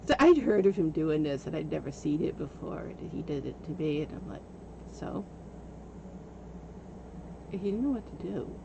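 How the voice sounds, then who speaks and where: A woman livestreaming, telling a story in a casual, animated way and often breaking into laughter. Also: deep voice, normal speed, creaky, long pauses, dull audio, noisy background. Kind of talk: casual storytelling while gaming.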